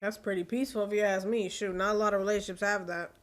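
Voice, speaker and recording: A woman's voice: mid-range voice, fairly even intonation, quick pace. A young woman hosting a reaction video, chatting casually and talking back to the screen. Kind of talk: casual film commentary.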